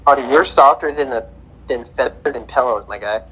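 A man's voice: medium pitch, fairly quick, bright, forceful tone, slightly rough, poor audio. Emphatic man on a sports podcast. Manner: emphatic, repeats his points. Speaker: podcast co-host. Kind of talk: casual sports chat.

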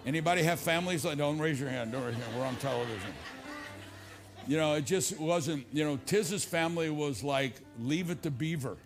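Older guy pastor preaching, high voice, goes up loud then drops quiet and low for stories. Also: brisk, music in the background, a crowd in the background. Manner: preaching with rising pitch on repeated lines, then dropping low and confiding in stories. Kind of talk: sermon. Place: church stage before a congregation.

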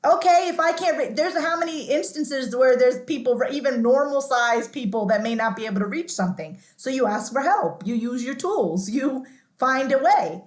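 A woman with a fairly high voice talks as a podcast guest, candid and chatty, circling back with lots of "like"s. Her voice rings in a noticeably echoey room. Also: expressive, moderate pace. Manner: chatty, restarts often, says "like" a lot. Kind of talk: candid interview storytelling.

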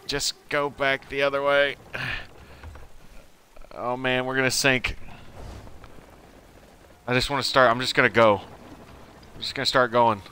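Male streamer, live play-by-play to himself, unhurried but prone to frantic outbursts and cursing, bright crisp tone. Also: mid-range voice, flat delivery, slight background noise. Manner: talks to himself, frantic exclamations and swearing. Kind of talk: live gameplay commentary.

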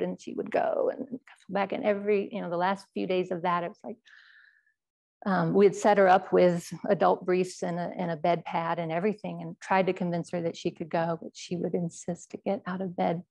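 A woman Zen teacher telling a personal story in a dharma talk, speaking in a quiet, measured, halting way. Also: on the low side, flat delivery, gravelly.

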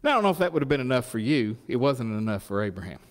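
A middle-aged man preaches as a pastor in a folksy, animated style, frequently posing questions to the congregation. His medium-pitched voice moves rapid-fire, and the audio has a big-room sound.

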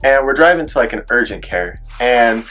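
A man's voice: mid-range voice, expressive, normal speed, fairly bright tone. A young man telling a personal story in a vlog, rambling with lots of filler words and acting out what people said. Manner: rambling retelling, heavy on filler "like"; acts out quoted voices in his story. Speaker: vlogger.

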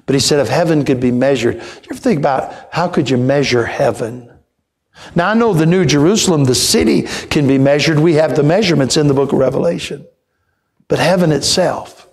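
Folksy evangelist man, fairly high voice. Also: brisk. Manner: folksy storytelling that swells into shouted praise. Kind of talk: Baptist church sermon.

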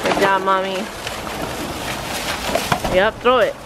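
A woman's voice: mid-range voice, fairly even intonation, takes it slowly, very noisy. A woman vlogging while shopping in a store, chatty and giggly, teasing her partner. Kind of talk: casual vlog chat.

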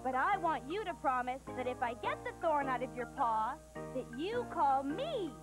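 A tiny, brave mouse with a squeaky, very high voice, as a woman puts him on. He argues boldly and sensibly in a children's storybook, with music playing behind him. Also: sing-song, normal speed.

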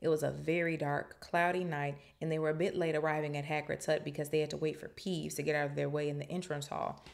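A woman with a low, gravelly voice reads a book aloud for her podcast. She breaks into chatty, animated asides between passages, in a relaxed, casual way. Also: quick pace. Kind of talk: reading aloud with casual commentary.

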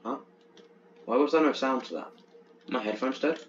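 A young man commenting on a horror game as he plays, chatty and jumpy, stammering when he gets excited. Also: mid-range voice, moderate pace. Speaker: gaming channel host. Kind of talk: let's play commentary. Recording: dull lo-fi with faint hiss.

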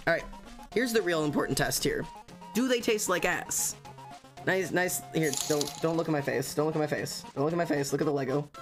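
Hyped-up streamer chatting live, fast and stammering, mid-pitched voice over faint background music. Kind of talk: casual livestream chat.

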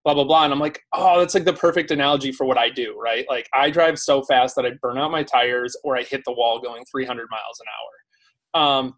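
A man as a podcast guest in a casual conversation, talking in an animated way with lots of "like" fillers. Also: medium pitch, a little fast.

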